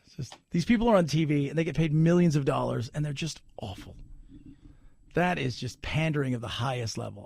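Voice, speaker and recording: A man hosting a talk radio show, ranting sarcastically and breaking into sudden shouts. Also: on the high side, fairly quick, gravelly, no room sound, clean studio sound. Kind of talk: opinionated talk radio rant.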